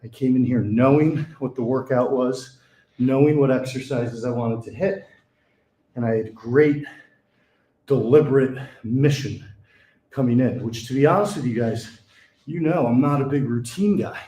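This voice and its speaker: A man's voice: mid-range voice, normal speed, mellow, reverberant. A young man chatting casually while working out in a small gym, sighing and out of breath between exercises. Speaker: fitness vlogger. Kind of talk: casual talk during a workout.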